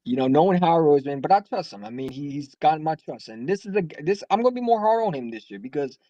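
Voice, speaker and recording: A man's voice: fairly high pitch, expressive, fast, mellow, no echo, dull audio. A man calling in to a sports talk show, talking casually in a rambling, heated way with many restarts. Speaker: caller. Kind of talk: casual sports call-in chat.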